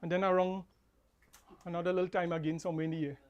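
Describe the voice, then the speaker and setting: A man, an officiating pundit preaching a funeral sermon, repeating key lines and swinging between soft and loud. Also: sits high, level tone, fast, dull audio.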